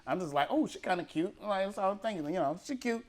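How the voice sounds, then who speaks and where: A man co-hosting a casual chat, telling stories with lively put-on voices and frequent laughter. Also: high voice, fast. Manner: animated, laughing storyteller who acts out voices. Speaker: podcast co-host.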